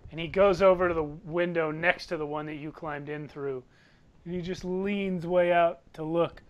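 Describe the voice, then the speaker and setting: A man narrating as game master in a relaxed, chatty way, often laughing. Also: on the high side, a little slow, lo-fi sound. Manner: easygoing narration with frequent laughs.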